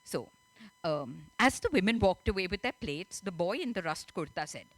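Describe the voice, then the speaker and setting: A woman's voice: on the low side, expressive, normal speed, no room sound. A woman author, chatty and laughing often as she tells and reads her story at a festival. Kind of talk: reading aloud and storytelling at a literature festival. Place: festival stage.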